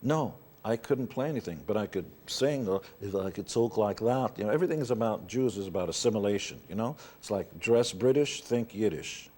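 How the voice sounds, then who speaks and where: A man's voice: on the low side, lively intonation, brisk, few pauses, darkish tone. A middle-aged man from New York, an interview guest telling candid stories in a blunt, wry way. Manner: blunt, wry anecdotes with playful put-on voices.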